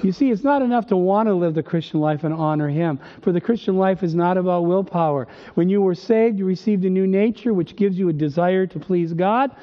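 A man preaching a sermon, emphatic and full of rhetorical questions, slowing down to stress quoted verses. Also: high-pitched. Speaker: pastor. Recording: dull sound with long reverb.

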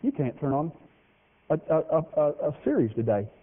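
A man preaching a folksy, joking sermon, with lively swings in pitch. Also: normal speed. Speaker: pastor. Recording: tinny phone-like radio broadcast of a hall.

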